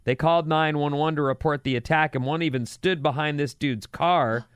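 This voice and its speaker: A man co-hosting a talk show, bantering and reading out news items with a dry, sarcastic wit. His voice is smooth and resonant. The sound is close and dry, as from a studio mic. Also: a little high, steady tone, moderate pace, no room sound. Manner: wry, sarcastic. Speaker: radio show co-host.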